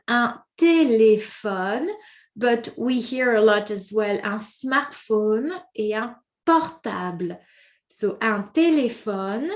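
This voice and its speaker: A woman teaching pronunciation, speaking slowly and patiently in a fairly high voice. She repeats each word several times and stops to ask the listener what they notice. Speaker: French teacher. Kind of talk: slow, careful pronunciation lesson.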